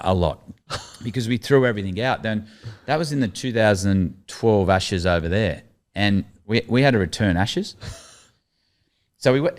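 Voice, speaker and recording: Aussie bloke, middle-aged, lowish voice, yarning away and laughing at his own stories, does the voices of people he quotes. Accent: Australian. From Australia. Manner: lively anecdotes, laughs through his stories, acts out quoted lines. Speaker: guest, former cricketer. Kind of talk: casual storytelling chat.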